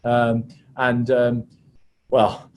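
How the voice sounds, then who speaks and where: A man, a rugby referee, telling anecdotes in a chatty, halting way on a video call. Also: medium pitch, monotone, darkish tone, slight background noise. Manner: chatty, hesitant with many restarts. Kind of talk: anecdotal storytelling on a webinar.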